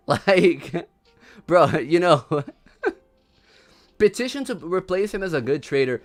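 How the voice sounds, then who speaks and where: A man's voice: on the high side, expressive, slow pace, soft background music. A young man from Brazil with a Brazilian accent, hosting a casual livestream, laughing often and repeating himself in slangy chatter. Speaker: livestream host.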